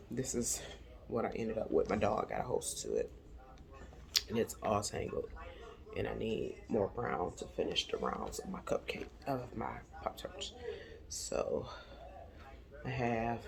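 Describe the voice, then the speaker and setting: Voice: mid-range voice, gravelly. A crochet vlogger chatting casually and rambling aloud, out of breath as they talk through their market prep. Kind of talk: casual chat.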